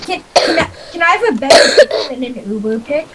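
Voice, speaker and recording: A young female gamer talks in a high voice, stumbling over her questions. Her mic carries clear background hiss. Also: sing-song. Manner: halting, asks a lot. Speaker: gaming friend. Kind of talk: casual game chat.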